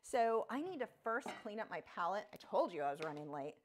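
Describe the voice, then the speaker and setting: A woman's voice: very animated, brisk, a little hiss or hum. A woman hosting a live painting tutorial from her home studio, talking in a casual, rambling way and interrupting herself often. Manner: chatty, rambling, self-interrupting; high sing-song voice when talking to her dogs. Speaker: painting instructor on a live stream.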